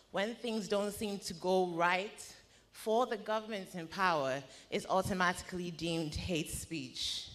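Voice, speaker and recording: A woman's voice: on the low side, fairly bright tone. Breathless woman asking pointed questions. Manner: impassioned, rhetorical questioning. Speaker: radio presenter asking a question. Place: large conference hall, from the gallery.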